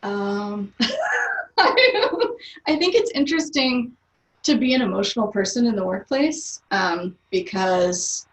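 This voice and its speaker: A woman's voice: mid-range voice, expressive, slow pace. Chatty woman heard from a distance. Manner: chatty, laughs often, many fillers. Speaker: guest. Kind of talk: casual interview chat. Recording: roomy, distant from the mic.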